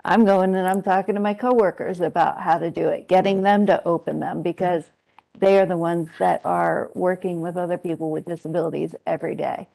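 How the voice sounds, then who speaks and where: Woman, low gravelly voice, mellow tone, hesitant hearing testimony. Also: steady tone. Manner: thoughtful, hesitant, many pauses. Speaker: hearing witness, independent living center worker.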